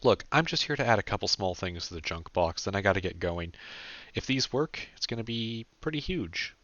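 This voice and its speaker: Casting: man reading as a wry young guy, casual and joking, deep and dry. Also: animated, fairly quick, fairly bright tone, no echo, highs cut off. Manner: joking, offhand.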